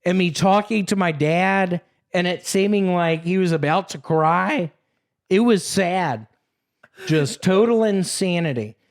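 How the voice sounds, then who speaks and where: A man's voice: high-pitched, measured pace. A young man, a podcast co-host, telling a rambling story in casual chat and swearing freely.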